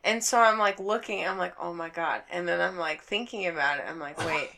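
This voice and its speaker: A young woman tells a story in casual podcast chat, swearing freely and acting out her own reactions. Her voice is bright and forceful and sits a little low for a woman. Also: a little fast, creaky. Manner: profane, animated storytelling with acted-out quotes.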